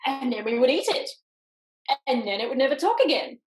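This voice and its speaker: A woman's voice: sits high, animated, a little fast, reverberant. A woman reading a picture book aloud to children over a video call, switching between character voices. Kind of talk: storytime read-aloud.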